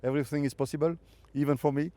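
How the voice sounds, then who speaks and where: Driver guy, warm low-key voice, short hesitant answers. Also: steady tone, racing. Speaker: rally driver. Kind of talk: brief interview answers.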